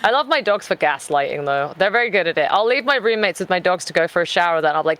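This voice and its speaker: A woman's voice: fairly low pitch, lively intonation, fast talker, a bit bright. A British woman chatting casually on a stream, telling pet stories and swearing freely. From Britain. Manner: chatty storyteller, acts out pets in playful voices, swears casually. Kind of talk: casual chat.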